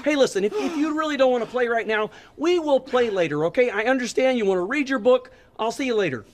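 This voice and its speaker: A playful puppet roommate, high and bouncy, teasing sing-song delivery, children's TV. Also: male voice, animated, fast talker, a little hiss or hum. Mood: eager. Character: cheerful playful male puppet, mischievous roommate.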